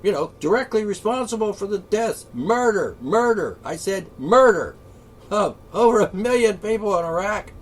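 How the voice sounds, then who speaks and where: A man delivering an angry, profane solo rant, sarcastic and swinging between shouting and muttering. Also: high-pitched, animated, normal speed, hardly any pauses. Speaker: political commentator.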